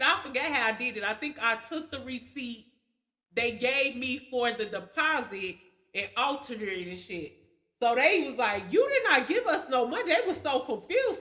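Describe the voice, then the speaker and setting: A woman's voice: sits high, sharp tone. A woman streamer telling a rambling, profane story to her viewers in a casual rant. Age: adult with children. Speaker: livestream host.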